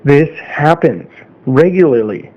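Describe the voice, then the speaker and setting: A man's voice: fairly high pitch, animated, slow, lo-fi sound. A man giving a casual opinion monologue as a vlogger, earnest and checking in with "okay?" after many points. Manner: earnest, repeats "okay?" often.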